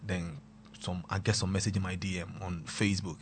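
A young man with a Ghanaian accent, casually telling a personal story, mixing pidgin and local words and swinging between loud and quiet. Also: low-pitched, flat delivery, brisk, a little hiss or hum.

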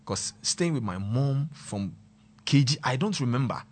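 A man's voice: medium pitch, lively intonation, a little slow, slight background noise. A Ghanaian man presenting a talk show, sharing a passionate personal testimony and mixing English and Twi. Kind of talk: emotional personal testimony to viewers.

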